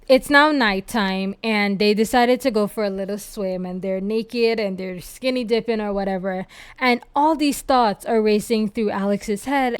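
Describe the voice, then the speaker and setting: A young woman gushes through a book review, retelling the story with laughs and casual swearing. Her voice is crisp and a little high. The sound is dry and close. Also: dry recording.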